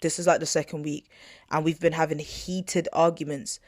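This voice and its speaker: A young woman on her podcast recounts an argument with indignation, using a deep voice, flat delivery and moderate pace. Her casual storytelling is slangy and chatty, loaded with asides and "not gonna lie"; the studio sound is clean and echo-free.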